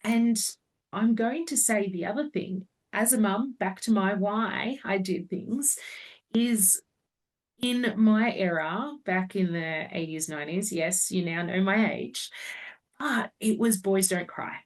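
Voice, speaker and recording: A woman's voice: mid-range voice, takes it slowly. A woman in her forties, a naturopath guest talking through her clinical experience in an earnest, explaining way. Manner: earnest, explains at length with own examples. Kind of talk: casual podcast chat. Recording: voice a bit distant from the mic.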